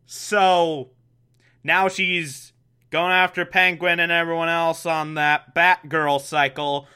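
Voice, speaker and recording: A man recaps an episode in a loose, rambling way, full of sarcastic asides. His voice is bright and sharp. It sits a little higher than most men's. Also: little pitch movement, measured pace, clean tone. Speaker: show recapper. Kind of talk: casual recap.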